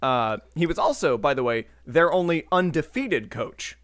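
Speaking at normal speed with a fairly high pitch, lively intonation, and a bit of brightness, a man co-hosts a podcast, recorded with no echo. He works through history notes with casual chat, adding jokes and making an odd verbal slip.

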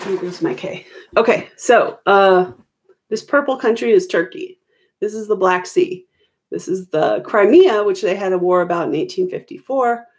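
A middle-aged woman reviewing history for an exam, explaining casually with many ums and quick self-corrections, recorded at home. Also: mid-range voice, darkish tone, husky. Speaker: history teacher. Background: children arguing in the background.

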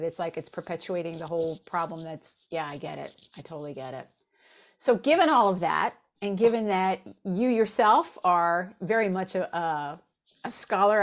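A woman hosts a podcast interview in a fairly low voice. She keeps affirming her guest's points before asking her next question. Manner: affirming, frequent agreement. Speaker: podcast host. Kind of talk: interview conversation.

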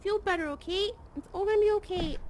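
A young woman chatting casually while role-playing in a VR game, her voice pitched very high. She speaks in an unhurried, soothing way, trailing off into sighs and fillers as she comforts the creatures around her. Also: a little hiss or hum. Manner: soft, comforting, hesitant with many ums and sighs. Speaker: VR game streamer.

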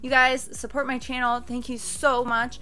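A young woman doing a casual anime reaction, excitable and quick to gasp and shriek. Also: sits high. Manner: excitable, gasping and shrieking in surprise.

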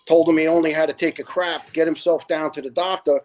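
A man's voice: on the high side, steady tone, brisk, a little mellow. A man in his fifties, a retired fire lieutenant from Staten Island, telling family stories in an earnest, heartfelt way as a podcast guest. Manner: earnest, heartfelt, acts out other people's words. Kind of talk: casual storytelling.

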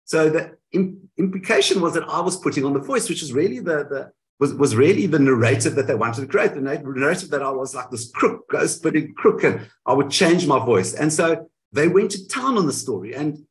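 A man in a candid interview, telling his side of events in an animated way and often correcting himself mid-sentence, heard over a video call. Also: fairly high pitch, brisk, rough recording. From South Africa. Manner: animated storytelling, frequent self-corrections. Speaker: guest.

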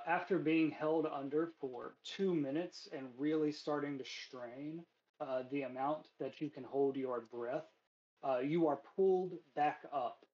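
A man narrating a tabletop game as game master, relaxed and filler-heavy. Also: medium pitch, highs cut off.

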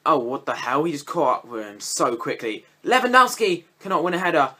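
Young man, bright sharp voice, live gameplay commentary, swearing, sudden high yelps. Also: sing-song, a little fast. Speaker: gaming YouTuber.

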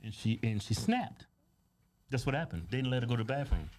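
A man's voice: medium pitch, big pitch swings, fairly quick, darkish tone. A man co-hosting a casual talk show, giving blunt, profane opinions and cutting in on his partner. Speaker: co-host. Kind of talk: casual commentary.

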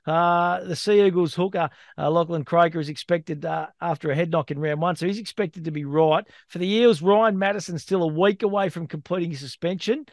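A man's voice: a little high, brisk, hardly any pauses, dry recording, clean studio sound. An Australian man co-hosting a sports betting podcast, reading out odds and stats in a chatty, matey way. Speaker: co-host.

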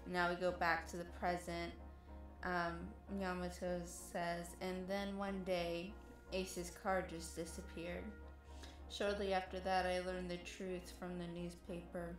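A woman reads through a manga chapter at a very slow, unhurried pace, with a voice a little on the low side. Her co-host podcast recording sounds echoey. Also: flat delivery, soft background music. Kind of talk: reading a manga recap aloud. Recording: echoey room.

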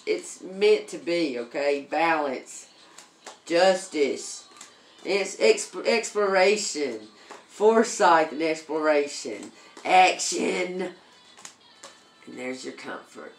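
Woman, casual tarot reading, fairly low pitch, chatty, echoey room. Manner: chatty, repeats okay, many ums. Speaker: tarot reader.

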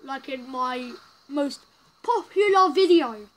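A woman's voice: high-pitched, lively intonation, takes it slowly, rough recording. A woman giving casual, rambling commentary while playing a story game, reacting aloud as she goes. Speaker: gaming channel host. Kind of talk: casual let's-play commentary.

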